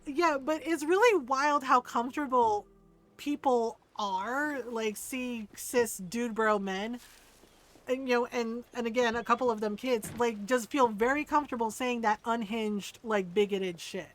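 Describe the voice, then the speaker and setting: A woman streaming a game, chatting casually with lots of fillers, swearing and laughter, and sometimes reading the story text aloud. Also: a little high. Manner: also reads game story aloud at a brisk pace. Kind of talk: casual gaming stream chat.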